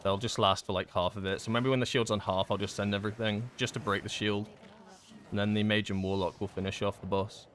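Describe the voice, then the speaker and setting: A man streaming a game in casual chat, rambling and chatty with many fillers and quick laughs. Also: fairly low pitch, level tone, fairly bright tone, slight background noise. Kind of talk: casual live-stream chat while gaming.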